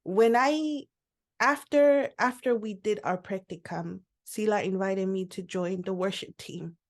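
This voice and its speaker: A woman's voice: mid-range voice, unhurried. A woman on a worship team giving a heartfelt, emotional testimony in a church interview. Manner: heartfelt and emotional, with a quiet laugh at times.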